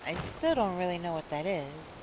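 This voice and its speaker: A woman streamer chatting casually, reading chat aloud and thinking out loud. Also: fairly low pitch, expressive, normal speed, background noise.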